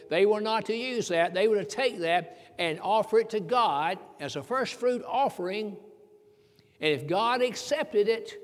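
A man preaching a sermon in a folksy way, chuckling between points and slowing down when he quotes scripture. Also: high voice, big-room sound.

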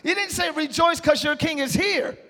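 A male pastor preaching a live church sermon, exhorting and shouting to the congregation, then dropping into quieter conversational asides. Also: very high voice, normal speed. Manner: drops to a quiet conversational tone between shouted passages. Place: church sanctuary.

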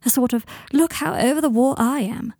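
A woman's voice: sits high, a little fast, mellow, no room sound, studio quality, voice pushed up. A woman reading aloud and voicing a prickly, teasing young man with a haughty, mocking manner. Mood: bitter.

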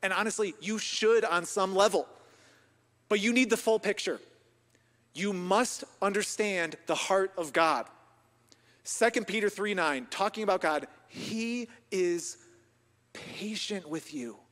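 A man pastor preaching a sermon with passion, dropping to near a whisper and then rising to loud emphasis. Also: sits high, measured pace. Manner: impassioned, swings from hushed to loud. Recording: long reverb of a large hall.

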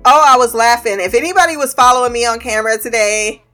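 A woman's voice: on the high side, fast, soft background music. A woman venting in a casual monologue about her remote team, profane and laughing as she tells it. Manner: profane, laughing, animated storytelling.

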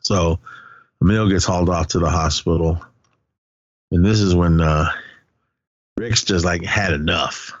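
A man's voice: deep voice, a little slow, long pauses, dry recording, highs cut off. A man co-hosting a podcast, casually retelling a film's scenes with lots of quoted lines and fillers. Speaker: podcast co-host. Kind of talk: casual movie recap.

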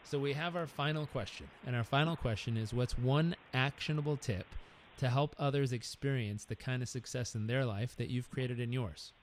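A man hosting an interview podcast, speaking softly and affirming his guest. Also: medium pitch, normal speed, slight background noise. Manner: affirming, soft-spoken, repeats words. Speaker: podcast host. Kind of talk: conversational interview.

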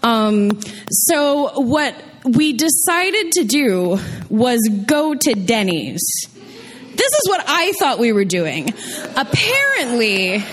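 A woman's voice: fairly high pitch, very animated, slow pace, fairly bright tone. Chatty young woman telling a story. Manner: chatty, self-deprecating, many fillers. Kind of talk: live storytelling.

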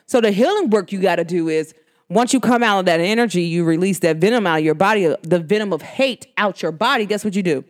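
Podcast host, woman, New York–New Jersey accent, casual and emphatic, slangy monologue with wide pitch swings. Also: lively intonation, fast.

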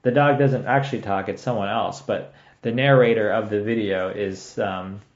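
A man's voice: on the low side, fairly even intonation, normal speed. Laid-back man chatting in an echoey room. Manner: laid-back, rambling, laughs often. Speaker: podcast co-host. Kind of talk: casual chat. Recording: echoey room, dull lo-fi sound.

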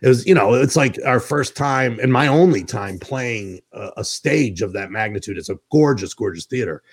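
A middle-aged man hosting a casual chat, telling stories in an animated way and laughing often. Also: medium pitch, moderate pace, breathy edge. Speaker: host.

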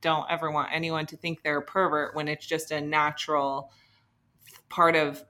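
A man's voice: fairly high pitch, little pitch movement, moderate pace, sharp tone. A man co-hosting a podcast, chatting casually and agreeably. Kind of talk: casual chat.

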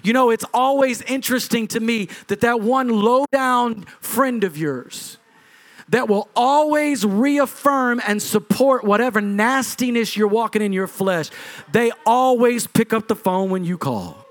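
A middle-aged man preaching a sermon as lead pastor, driving his points with punchy repetition and swings in pitch and loudness. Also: measured pace.

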